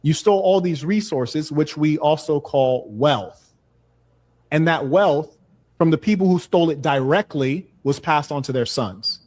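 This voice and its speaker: A man's voice: on the high side, moderate pace, darkish tone. Insistent man lecturing in an argument. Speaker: speaker in a played live clip. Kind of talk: heated argument.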